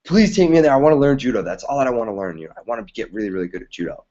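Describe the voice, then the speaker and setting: A man's voice: medium pitch, big pitch swings, very fast, mellow, dull audio, natural voice. A man voicing an eager young boy. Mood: earnest. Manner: pleading, earnest. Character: eager young boy who wants to learn judo.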